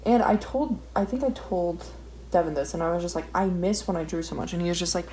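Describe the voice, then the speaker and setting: A woman's voice: lowish voice, fast, dark tone. Rambling, swearing young woman. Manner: swears a lot, rambling and self-deprecating. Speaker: art vlogger. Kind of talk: casual ranting while drawing. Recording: faint background noise.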